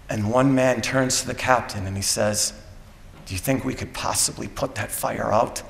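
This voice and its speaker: Low-voiced man telling a dramatic story. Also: slight background noise. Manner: slow, dramatic pauses. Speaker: commencement speaker. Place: school graduation ceremony. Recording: echoey hall from a PA.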